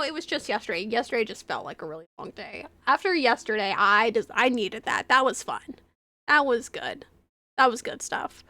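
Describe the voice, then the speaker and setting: A young woman streamer who reads a game's text aloud and chats with her viewers, gushing and excitable between the readings. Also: sits high, dry recording.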